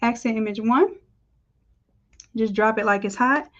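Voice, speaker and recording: A woman with a fairly high voice leads a live design tutorial, chatting upbeat with her viewers as she works. The stream audio sounds a little dull and lo-fi. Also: measured pace, a bit bright. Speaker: design instructor. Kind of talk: live screen-share tutorial.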